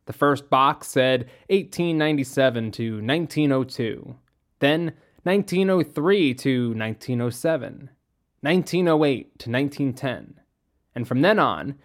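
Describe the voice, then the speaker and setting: A narrator reading a youth novel aloud. The voice sits at a middle pitch and keeps an even, unhurried storytelling rhythm throughout. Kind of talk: audiobook reading.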